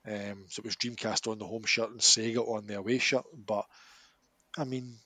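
A Scottish man co-hosting a podcast in casual chat, animated and emphatic, laughing often as he rants. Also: on the low side, normal speed, slightly rough, dry recording. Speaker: podcast co-host.

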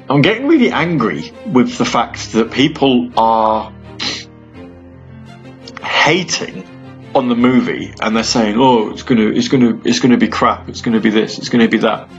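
A young man hosting a casual radio show alone, rambling with restarts and sighs and sudden animated bursts. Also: medium pitch. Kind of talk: casual solo radio talk between music. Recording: slightly dull lo-fi audio with faint music.

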